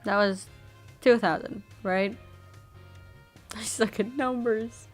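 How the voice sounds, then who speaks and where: Woman streamer, playful, giggly, slow-talking, faint music behind. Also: mid-range voice, steady tone. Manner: playful, giggly, goofy wordplay. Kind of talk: let's play commentary.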